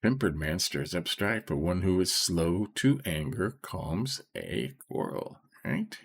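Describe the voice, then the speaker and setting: A middle-aged man reading scripture and explaining it in an informal, soft-spoken way, often checking in with "okay?" and slowing down on key phrases. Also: low-pitched, big pitch swings, creaky, husky. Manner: slows right down to stress key phrases. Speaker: Bible study teacher.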